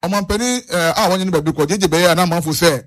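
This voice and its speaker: A man's voice: high-pitched, rapid-fire. A man with a Ghanaian accent being interviewed, making earnest points, repeating himself and switching between Twi and English. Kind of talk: street interview on national issues.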